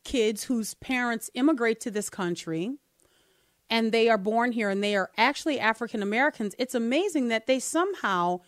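A woman hosting a podcast, talking through political commentary in an animated, rhetorical way. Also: fairly high pitch, moderate pace, no room sound, clean studio sound. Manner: animated, rhetorical, asks listeners to bear with her. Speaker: podcast host.

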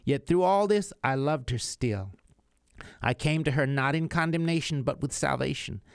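A man reading aloud voicing Jesus as a gentle, solemn grown man, in a calm, measured, earnest way. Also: fairly high pitch, vocal fry, no room sound, studio quality. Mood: tender.

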